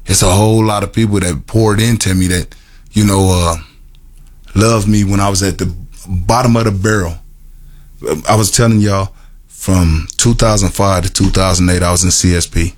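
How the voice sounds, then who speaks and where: A deep-voiced middle-aged man shares his story with a small group. He speaks earnestly and haltingly, repeating words and restarting phrases as he goes. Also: steady tone. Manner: halting, repetitive storytelling with many restarts and fillers; earnest and emotional, laughs at himself. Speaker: formerly incarcerated man telling his story. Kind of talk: personal testimony to a group.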